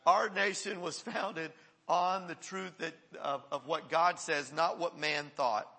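A man preaching a sermon as pastor, reading historical quotations slowly and often restarting his sentences. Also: fairly high pitch, steady tone, creaky, bright, forceful tone.

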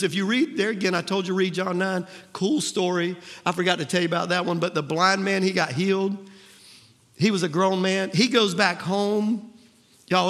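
A man's voice: high-pitched, fairly bright tone, in a large hall. A male pastor preaching conversationally, acting out the people in his story. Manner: conversational preaching, acts out voices. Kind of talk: sermon.

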